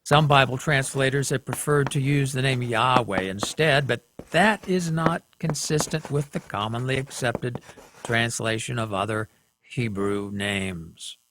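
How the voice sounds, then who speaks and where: A man gives a classroom lecture in an unhurried, careful way. He keeps stopping to check in with his students. A faint hiss of background noise sits under the recording. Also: mid-range voice. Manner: slow, deliberate, checks in with "okay?". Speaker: teacher.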